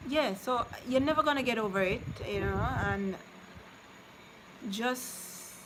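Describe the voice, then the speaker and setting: A woman's voice: a little high, slow. A woman chatting casually with viewers on a live stream, consoling some and teasing others. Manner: chatty, consoling then teasing, drifts between topics. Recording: noticeable background noise.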